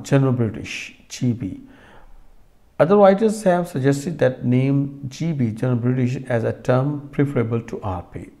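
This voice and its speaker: A man giving a recorded lecture to students, explaining slowly with many fillers and restarts and talking straight to the class. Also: medium pitch, gravelly, dark tone.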